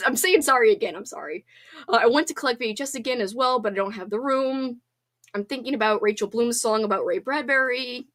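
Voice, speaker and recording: Woman live-stream host, casual chatter, higher voice, congested, bubbly and apologetic. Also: brisk, bright, forceful tone. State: congested, sniffling. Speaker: livestream host.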